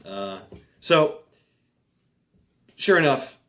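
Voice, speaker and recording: A middle-aged man telling an army story in a casual, halting way, with many fillers and restarts and frequent chuckles. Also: mid-range voice, big pitch swings, a bit bright, a little hiss or hum. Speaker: military veteran storyteller. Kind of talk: casual spoken anecdote.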